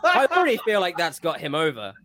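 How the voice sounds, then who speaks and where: Rambling man pitching wrestling ideas. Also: wildly swooping pitch, fast talker. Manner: rambling, self-interrupting. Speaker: podcast co-host. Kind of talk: casual wrestling fantasy-booking chat.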